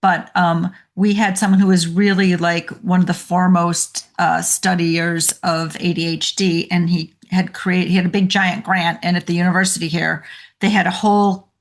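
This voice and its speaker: A woman coach, a guest on a podcast interview, telling stories in an animated way and laughing often. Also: fairly low pitch, normal speed.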